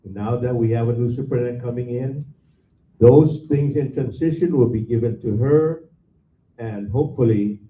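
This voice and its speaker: A man serving on a school board, giving measured, halting remarks with fillers at a public meeting. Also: mid-range voice, warm tone, a little hiss or hum. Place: meeting hall. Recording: echoey room, far from mic, tinny.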